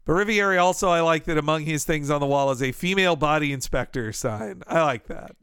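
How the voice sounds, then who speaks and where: Chatty man with a clear, higher voice. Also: a little fast, fairly bright tone, no echo, clean studio sound. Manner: chatty, laughs often, acts out quotes. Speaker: podcast co-host. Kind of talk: casual chat.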